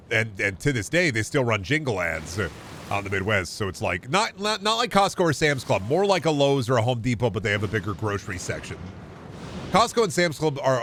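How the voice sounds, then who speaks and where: A man's voice: medium pitch, a bit bright, a little hiss or hum. A young man casually commenting on a game stream, rambling, jokey and profane. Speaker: gaming streamer.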